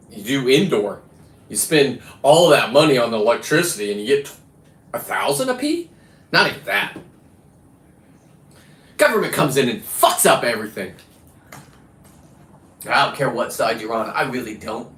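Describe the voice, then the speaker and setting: A man's voice: mid-range voice, expressive, normal speed, pauses often, fairly bright tone. A middle-aged man from California ranting bluntly and profanely through a rambling livestream monologue. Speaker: livestreaming diver and fisherman. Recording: roomy echo.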